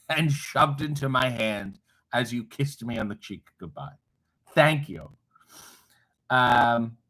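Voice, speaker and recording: A man's voice: medium pitch, bright, forceful tone, poor audio. A man hosting a casual livestream, reading viewer comments aloud with irreverent, wry, profane asides. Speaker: livestream host reading chat. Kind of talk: casual live chat.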